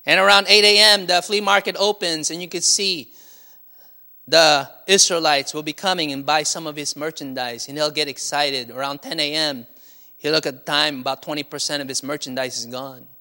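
A man's voice: a little high, fairly even intonation, moderate pace, pushed and bright. A man preaching a sermon as pastor, with frequent call-and-response and light laughter. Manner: call-and-response, asking "Amen?" and laughing often.

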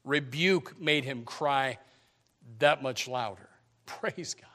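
Fiery preacher with emphatic repetition. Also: male voice, mid-range voice, slow. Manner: swings between hushed and loud, with emphatic repetition. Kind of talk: sermon.

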